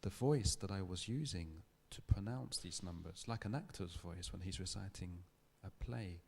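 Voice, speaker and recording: A man giving a public lecture, telling a story in a thoughtful, measured way with small restarts. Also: low-pitched, creaky, darkish tone, a little hiss or hum. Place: lecture hall.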